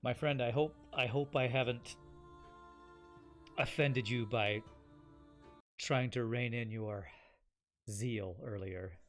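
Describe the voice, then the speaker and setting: A man playing a courteous male adventurer who speaks gently and carefully. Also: medium pitch, takes it slowly, pauses often, faint music behind, close to an everyday voice. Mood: earnest.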